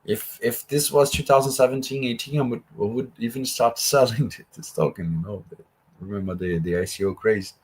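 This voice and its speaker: A man's voice: medium pitch, steady tone, brisk, slightly rough. A man teaching a live coding workshop, explaining each step in a conversational way with asides. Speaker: workshop instructor.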